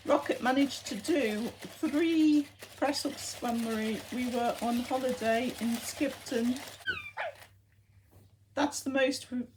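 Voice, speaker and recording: Slow, chatty woman vlogging. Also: on the high side, slight background noise. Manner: chatty, fondly talks to her robot dogs. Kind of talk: casual home vlog update.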